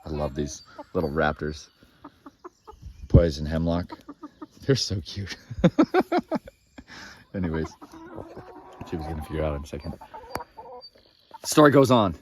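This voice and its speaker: A man's voice: extremely low pitch, moderate pace, pauses often, husky. A young man casually retelling Bible stories outdoors in a farmyard, rambling and opinionated, drifting into digressions. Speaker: Bible teacher. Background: chickens clucking.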